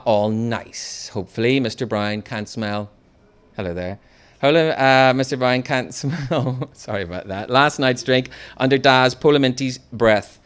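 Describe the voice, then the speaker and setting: A man with a Northern Irish accent reading his novel aloud, telling it in an expressive, comic first person. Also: mid-range voice. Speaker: author.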